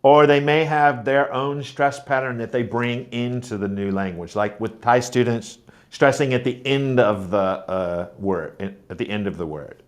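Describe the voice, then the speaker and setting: A man teaching a pronunciation lesson, speaking deliberately and modeling words and sentences aloud to show stress. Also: medium pitch. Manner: slow, deliberate, demonstrating stress patterns aloud. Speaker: teacher trainer.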